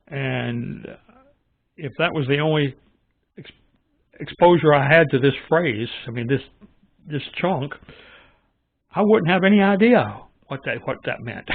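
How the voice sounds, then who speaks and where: A man hosting his own channel, giving casual, opinionated commentary in a musing, halting way. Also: mid-range voice, no echo. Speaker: channel host reviewing Bible translations. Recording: dry, tinny phone-like audio.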